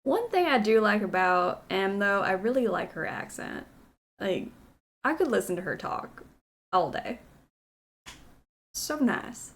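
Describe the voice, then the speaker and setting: A woman streamer raised in Kentucky and Texas chats with her viewers while she plays, excitable and quick to giggle. Her voice sits in an ordinary middle register, casual and animated with enthusiasm. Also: mid-range voice. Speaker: game streamer. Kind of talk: casual chat while playing a game.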